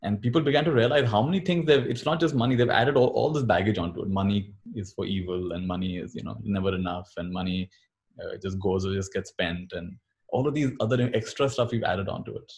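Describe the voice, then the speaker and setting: Lowish-voiced guy teaching spiritual stuff, gentle and calm, repeats things quietly. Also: quick pace. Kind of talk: teaching talk.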